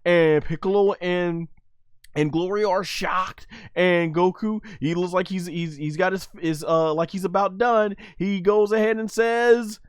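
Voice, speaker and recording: High-voiced excited man reviewing anime. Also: clean tone, dry recording, clean studio sound. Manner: enthusiastic, acts out characters' shouts. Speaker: podcast host reviewing an anime episode. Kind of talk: excited casual commentary.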